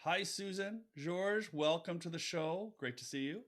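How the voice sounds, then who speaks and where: A man's voice: high-pitched, a little slow, a bit bright. Upbeat male podcast host. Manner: upbeat, with emphatic rises on key words. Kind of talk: podcast intro and interview chat.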